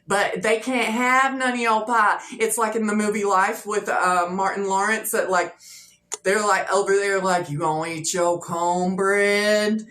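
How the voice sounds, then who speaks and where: A woman's voice: mid-range voice, fairly even intonation, normal speed, a bit bright. A woman giving a casual, chatty tarot reading to her viewers, talking loosely with lots of fillers and repeats. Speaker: tarot reader. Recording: echoey room with faint noise.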